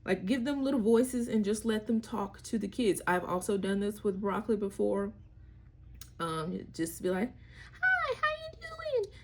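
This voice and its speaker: A young mother chats candidly and wryly about parenting in a casual vlog, sharing tips in slangy language and slipping into playful voices. Her voice is medium in pitch, a little mellow, and moves at a normal speed.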